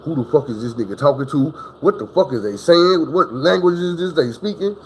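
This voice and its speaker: A man putting on the voice of a scared older grandmother who curses in shrill bewilderment. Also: wildly swooping pitch, moderate pace, slight background noise, heavily acted, poor audio. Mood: bewildered.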